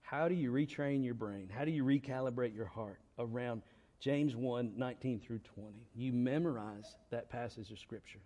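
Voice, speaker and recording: A man's voice: medium pitch, moderate pace, mellow. A man preaching a sermon, repeating key lines and asking rhetorical questions. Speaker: pastor. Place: church.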